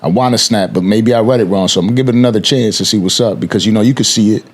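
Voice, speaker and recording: Low-voiced man hosting, acting out scenes. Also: rapid-fire. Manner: storytelling, acts out scenes in quoted voices. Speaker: podcast host. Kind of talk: casual podcast conversation.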